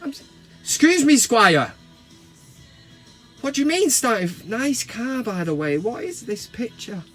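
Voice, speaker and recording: Mancunian guy vlogging from his van, higher voice, swears a lot, faint music under it. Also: big pitch swings, normal speed, hardly any pauses. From England. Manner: swears and mock-shouts in outbursts. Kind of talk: casual comedic rant to camera. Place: parked van cab.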